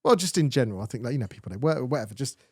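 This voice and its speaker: A man's voice: mid-range voice, animated, racing, darkish tone, breathy edge, dry recording, clean studio sound. A man co-hosting a casual chat, laid-back and reading out listener comments. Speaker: co-host.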